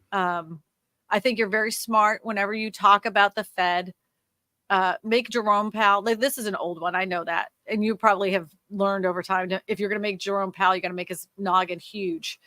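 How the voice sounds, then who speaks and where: A woman's voice: medium pitch, sharp tone, no room sound. A woman co-hosting a livestream, giving direct, casual coaching feedback on video thumbnails. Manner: direct coaching, quick asides.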